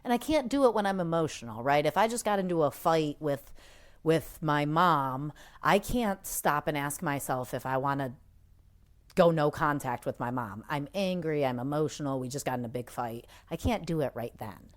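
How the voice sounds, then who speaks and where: A woman's voice: sits low, expressive, normal speed. A woman co-hosting a recovery podcast, speaking casually and reflectively, explaining ideas through everyday examples. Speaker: podcast co-host.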